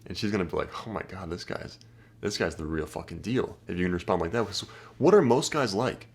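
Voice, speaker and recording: Casting: young male dating coach, lower voice, brash and profane, acts out lines. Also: animated, a little fast, a little mellow. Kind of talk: casual advice monologue.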